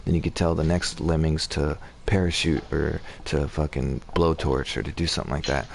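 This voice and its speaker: A man's voice: rumbling low, fairly even intonation, normal speed, creaky, a little hiss or hum. A man streaming a game, chatting casually and rambling, with swearing and restarts. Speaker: gaming streamer. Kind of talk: casual gaming chat.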